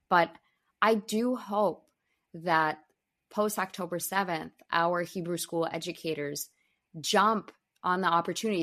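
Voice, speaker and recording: A woman in her twenties hosting a podcast in casual chat, animated and laughing often as she tells stories. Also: low-pitched. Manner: animated storyteller, laughs often, quotes kids in playful voices. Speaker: podcast host.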